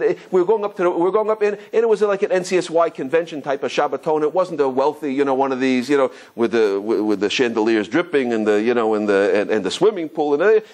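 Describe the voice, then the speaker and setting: A middle-aged man, a rabbi, telling a story in a lively way, with many restarts, and putting on other people's voices. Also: mid-range voice. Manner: animated, full of restarts, acts out kids' voices. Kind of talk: storytelling talk.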